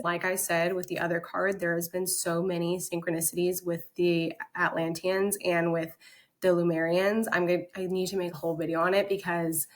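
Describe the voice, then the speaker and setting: A young adult spiritual content creator gives a casual, enthusiastic oracle card reading, reading the card text aloud and chatting between passages. Her voice is fairly low in pitch and a bit bright.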